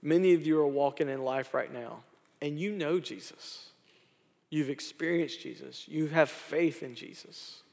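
A male pastor preaching a sermon, building emphasis through repetition and closing in quiet prayer. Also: fairly high pitch, measured pace, creaky. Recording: long hall reverb.

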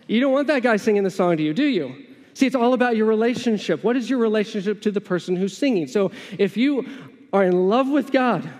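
A man preaches a sermon in a chatty, conversational tone, slipping into the imagined voices of his listeners. His voice sits high for a man. A long reverb trails behind him as if in a large hall. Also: darkish tone. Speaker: pastor.

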